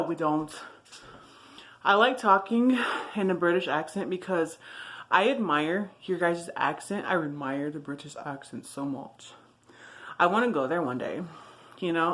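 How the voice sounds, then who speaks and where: A woman's voice: on the low side, fairly bright tone, low-quality recording. A woman vlogging casually to camera from her home, chatty, giggly and rambling. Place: at home, indoors.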